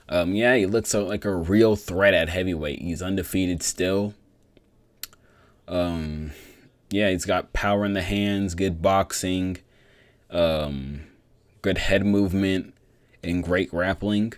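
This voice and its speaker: A young man with a very deep voice talks through fights in a loose, rambling vlog, swearing freely and getting worked up. His voice sits close and dry on the mic with no room around it. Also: a little slow, no room sound. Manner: profane, rambling, excitable. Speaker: MMA vlogger. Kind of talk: casual fight breakdown.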